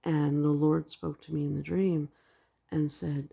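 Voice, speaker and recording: Her low-pitched voice is gravelly, dark, and slightly rough, delivered flatly at a measured pace. She's a video blogger casually sharing her dreams in a religious vlog, rambling and filling gaps with "like."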